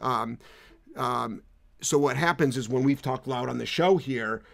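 A man with a gravelly edge to his voice answers viewer questions in a loose live-stream chat. He is blunt and jokey and swears freely. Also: mid-range voice, a little slow, fairly bright tone. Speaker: dog trainer co-host.

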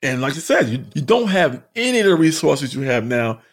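A man's voice: on the high side, a little fast, slightly rough. A man, a stand-up comedian, telling road stories casually with lots of swearing and laughter. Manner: animated, profane, laughs often. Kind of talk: casual storytelling.

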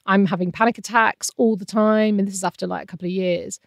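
A woman's voice: medium pitch, fast, gravelly, no room sound, studio quality. A woman in her thirties, a guest telling a painful personal story in an earnest, emotional way. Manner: earnest, emotional, animated quoting of others.

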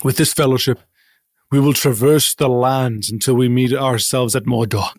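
A man's voice: a little high, animated, quick pace, no room sound, clean studio sound, natural voice. A man playing a self-important actor who puts on a hokey medieval voice and keeps bragging about his old fantasy role, in a comedy sketch. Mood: grandiose. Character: vain pompous actor who once starred in a fantasy show.

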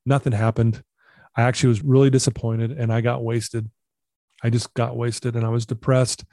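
A man recounts his story on a podcast in an earnest, confessional way, voicing the people he quotes. His voice is mellow and dark, at a middle pitch. The sound is dry and close. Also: level tone, moderate pace, dry recording. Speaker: podcast guest. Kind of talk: storytelling interview.

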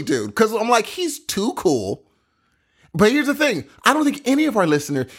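A man's voice: high voice, big pitch swings, normal speed, a bit bright. A man co-hosting a podcast, chatting and joking in a playful, sing-song way. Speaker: podcast co-host. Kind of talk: casual podcast banter.

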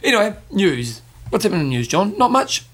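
A man co-hosts a casual podcast. His voice sits a little higher than most men's. He keeps teasing his co-host and throws in quick asides. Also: very animated. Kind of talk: casual chat.

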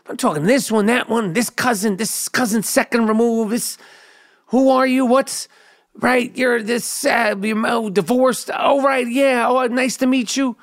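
A man's voice: very high voice, dry recording. Guy ranting on his podcast, swears a lot, rambles, dry close sound. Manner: profane, rambling, animated storytelling. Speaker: podcast host. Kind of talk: casual comedic monologue.

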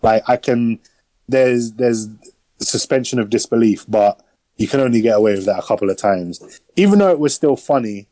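Casting: male podcast host, mellow, slangy and rambling, mid-pitch. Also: animated, moderate pace, no room sound, rough recording. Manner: rambling, slangy, lots of fillers. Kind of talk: casual film review chat.

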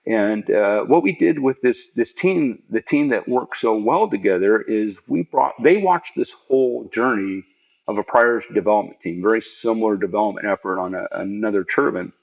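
Gravelly low-voiced man, earnest and emphatic. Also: moderate pace. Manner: earnest, emphatic, rises in pitch to stress points. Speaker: engineering program manager. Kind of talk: conversational storytelling in an interview. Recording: dull lo-fi audio.

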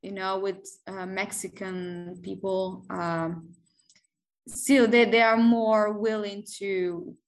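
Hesitant woman speaking slowly. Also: mid-range voice, fairly even intonation, rough recording. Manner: hesitant, searching for words, laughs often. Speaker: podcast guest, singer. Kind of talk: casual interview chat.

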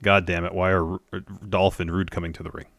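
A man's voice: sits low, flat delivery, quick pace, gravelly, a bit bright, no echo. A male podcast co-host casually recapping a wrestling show step by step, with plenty of filler words.

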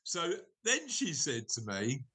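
A man's voice: on the high side, wildly swooping pitch, takes it slowly, bright, forceful tone, slight background noise. A middle-aged man, hosting a podcast in a rambling, jokey, self-correcting chat. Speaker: podcast host. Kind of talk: casual chat.

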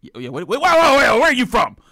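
A man guest analyst on a sports talk show, talking casually and excitedly, with his pitch jumping up when he describes plays. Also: fast. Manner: animated, excitable, jumps in pitch when telling a play.

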